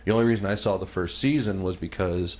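A man's voice: low voice, quick pace, darkish tone. A man co-hosting a podcast in casual comedic chat, swearing freely, laughing often and reading out stories in an offhand way. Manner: profane, laughing, puts on silly voices. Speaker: podcast co-host. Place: home room, smoking while recording.

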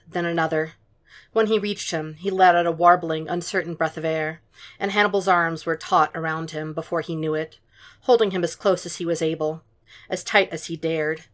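Low-voiced woman reading a story. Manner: calm, measured reading. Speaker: podfic reader. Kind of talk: audiobook narration of fan fiction.

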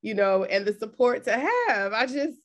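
A woman's voice: medium pitch, moderate pace. A woman hosting a casual interview, emotional and effusive, close to tears as she talks. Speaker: podcast host and coach.

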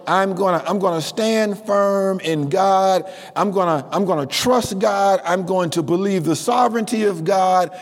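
A man preaching a sermon. He is emphatic, swinging from hushed lines to shouts and repeating key phrases. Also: high-pitched. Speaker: pastor. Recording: long reverb of a large hall.

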